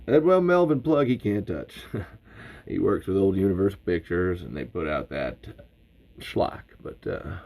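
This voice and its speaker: A man's voice: deep voice, animated, unhurried, gravelly, a little mellow, full character voice. A man voicing a boastful, paranoid middle-aged survivalist in an improvised livestream, with a blustery, folksy drawl that slips toward Southern. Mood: scheming.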